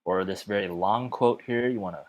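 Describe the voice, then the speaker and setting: A man teaching a web development lesson in a casual, chatty way, often filling pauses with "okay" and "uh". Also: fairly low pitch, highs cut off. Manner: chatty, fills gaps with okay and uh.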